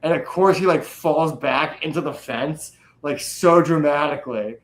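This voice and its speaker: A man's voice: a little high, unhurried, low-quality recording. A young man talking casually, swearing freely and rambling with energy. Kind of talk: casual chat.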